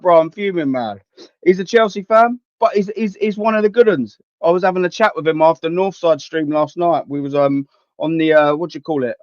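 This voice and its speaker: A man's voice: high voice, no room sound, dull audio. A young man hosting a fan live stream, reading the chat and ranting bluntly with plenty of swearing. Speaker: fan channel host.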